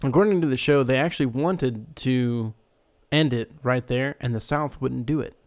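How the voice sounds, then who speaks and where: A man co-hosting a podcast in casual, animated chat, joking and swearing freely. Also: mid-range voice, moderate pace. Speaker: podcast co-host.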